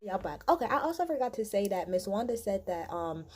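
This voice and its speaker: A woman's voice: mid-range voice, brisk, slight background noise. A woman hosting a casual reaction video, recapping a reunion show bluntly and acting out what people said. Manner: animated, blunt, swears freely, acts out quotes.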